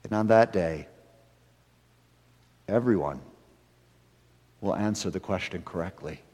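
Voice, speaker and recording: A man's voice: sits low, slow pace. Earnest preacher man in a reverberant hall. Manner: earnest preaching with rising emphatic builds and hushed drops. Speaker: pastor. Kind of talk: sermon.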